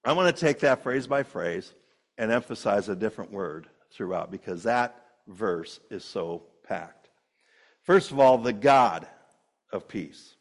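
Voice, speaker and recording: A man's voice: fairly low pitch, lively intonation, a little slow. A man preaching a sermon as pastor, talking in a conversational way with fillers, repeated phrases and frequent chuckles, in a church sanctuary.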